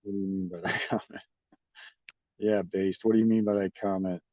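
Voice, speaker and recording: Man, livestreamer, casual profane rambling, low voice, dry muffled sound. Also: level tone, brisk, a little mellow, no echo. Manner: rambling, profane, mocking, talks to chat. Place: at a restaurant. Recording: dry, slightly dull audio.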